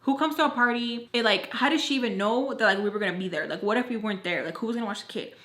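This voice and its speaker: Chatty young woman, bright voice. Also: fairly high pitch, rapid-fire, echoey room. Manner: animated, swears, lots of "like". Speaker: storytime vlogger. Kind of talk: casual storytime chat.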